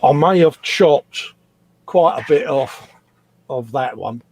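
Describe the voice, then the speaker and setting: A man's voice: mid-range voice, lively intonation, slow pace, a little mellow, slight background noise. Chatty man hosting a live stream. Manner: chatty, reads out viewer names, says "mate". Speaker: host. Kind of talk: casual live-stream chat while building a model kit.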